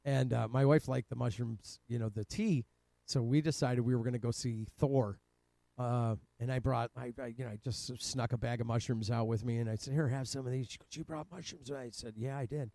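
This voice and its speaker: A guest from Cleveland, Ohio rambles through a profane personal story about his life, laughing often and keeping it casual. His mid-range voice is creaky and dark, with fairly even intonation and a fairly quick pace, recorded dry.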